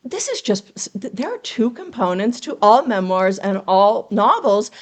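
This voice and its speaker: A woman's voice: medium pitch, very animated, unhurried. A woman who coaches memoir writing, a guest on a podcast interview, explaining writing principles in an earnest, teacherly way and asking rhetorical questions.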